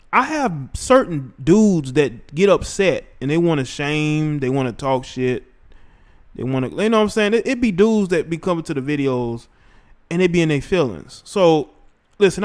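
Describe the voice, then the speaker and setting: Slangy man hosting a livestream, fairly high. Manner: rambling, slangy, talks straight to the chat. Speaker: livestream host. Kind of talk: casual livestream commentary.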